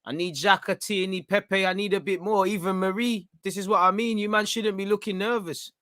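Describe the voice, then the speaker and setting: A young man giving live, excitable reaction commentary on a football match as host of a fan watchalong. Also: sits high, brisk, dry recording. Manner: excitable, urgent, coaching the players.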